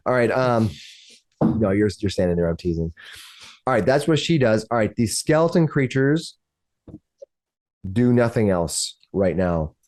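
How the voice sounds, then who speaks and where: A man's voice: lowish voice, animated, a little slow, pauses often, a little mellow. Man, game master, rambling narration, many restarts.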